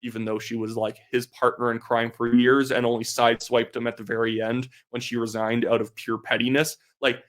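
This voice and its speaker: A man's voice: medium pitch, flat delivery. A young man from Canada giving casual political commentary, blunt and sarcastic, with lots of "like" fillers. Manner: fast talk with many filler "like"s.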